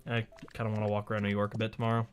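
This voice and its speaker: A man's voice: lowish voice, monotone, racing, soft background music. A man chatting and joking while streaming a video game live. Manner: chatty, jokey, exclaims at the game. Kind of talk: casual live gameplay commentary.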